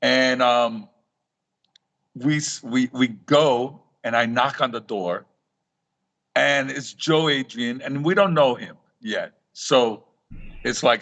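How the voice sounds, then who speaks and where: A man's voice: medium pitch, takes it slowly, long pauses, a bit bright. A middle-aged man, a guest author on a talk show, telling stories and acting out quoted dialogue, often restarting his sentences. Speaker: guest, reef aquarium author. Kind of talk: storytelling in a live talk show interview.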